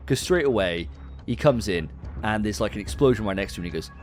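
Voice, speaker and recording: A man co-hosting a relaxed film review podcast, acting out scenes as he retells them. His storytelling is animated and sweary, with faint music under it. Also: fairly low pitch, fast. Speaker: podcast co-host. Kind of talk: casual film review discussion.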